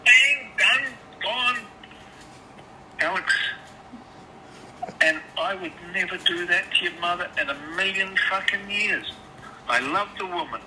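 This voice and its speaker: A man on a phone call, swearing often and stammering through restarts as he tells his side. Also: high voice. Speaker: caller. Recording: phone line with background noise.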